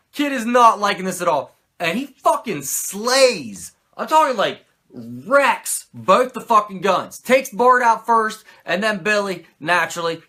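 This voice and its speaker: Man, podcast host, casual wrestling recap, profane, rambling, fillers, bright voice, lively pitch.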